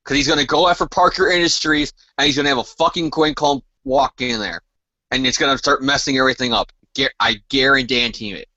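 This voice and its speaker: A man co-hosting a casual comic book chat, animated and emphatic as he speculates. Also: medium pitch, brisk, no room sound, lo-fi sound. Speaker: co-host.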